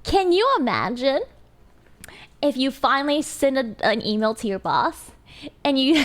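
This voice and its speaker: A young adult woman streamer in casual chat with her viewers, animated and giggly. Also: high-pitched, moderate pace. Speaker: live streamer.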